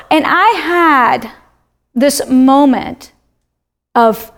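A woman's voice: high-pitched, very animated, takes it slowly, long pauses. A woman from Florida, a self-described talker, animatedly sharing a personal faith testimony in conversation.

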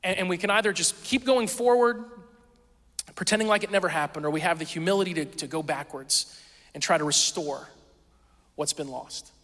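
A man's voice: high-pitched, moderate pace, fairly bright tone, long reverb tail. A male pastor preaching a sermon in a conversational, storytelling way, acting out quoted voices.

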